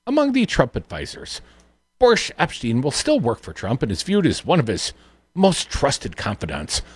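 A man's voice: medium pitch, breathy edge, no echo. A man hosting a political talk radio show, reading news items aloud and adding sardonic asides. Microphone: studio microphone.

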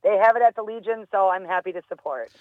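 A woman's voice: mid-range voice, quick pace, dry recording. Woman on a tinny phone line. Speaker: festival director, phone guest. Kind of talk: phone interview.

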